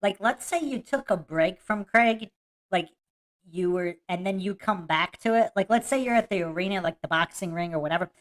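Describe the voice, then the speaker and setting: A woman's voice: medium pitch, normal speed. A woman hosting a podcast, laughing often and mocking as she talks through a debate clip and reads chat comments aloud. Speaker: podcast host. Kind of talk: casual live-stream commentary.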